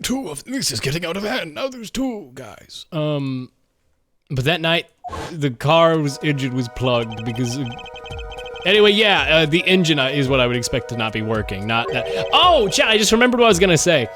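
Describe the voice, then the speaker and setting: High-voiced young man streaming games. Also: soft background music. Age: 20s. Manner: animated, rambling, quick to rant. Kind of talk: casual livestream commentary while gaming.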